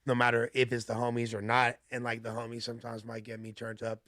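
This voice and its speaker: A man as a podcast guest, talking in a measured, earnest way that often trails off softly. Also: mid-range voice, monotone, dry recording, clean studio sound. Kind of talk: casual podcast conversation.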